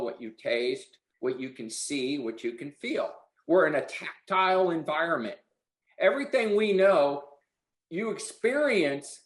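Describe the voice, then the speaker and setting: A man's voice: on the high side, reverberant, rough recording. A man coaching a salesperson in a blunt, preachy motivational style, swearing casually. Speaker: sales trainer.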